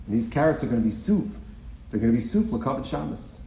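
A tiny old woman, as a male storyteller puts her on, fussy and earnest about her Sabbath groceries. She gives careful instructions in an everyday, mid-pitched voice. The room rings around her, with a faint hum of ambience underneath. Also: expressive, quick pace, creaky, dark tone, echoey room, poor audio.

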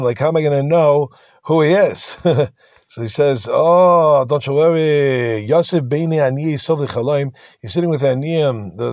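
A man's voice: mid-range voice, dry recording, clean studio sound. A man giving a text-study lecture, reading passages and explaining them in casual everyday words, acting out the dialogue with animation. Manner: animated retelling with acted-out dialogue. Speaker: teacher.

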